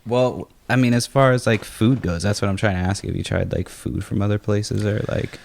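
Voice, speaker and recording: A man's voice: fairly low pitch, fairly even intonation, normal speed, gravelly. A young man co-hosting a podcast, chatting casually and swearing freely while smoking. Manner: laid-back, swears a lot. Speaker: podcast co-host.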